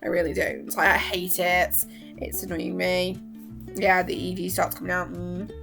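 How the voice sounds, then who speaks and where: A young woman chatting casually as a vlogger, excitable and gushing, laughing often and acting out lines. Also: lowish voice, normal speed, gravelly, soft background music. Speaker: vlogger reviewing a TV season. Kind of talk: casual chat.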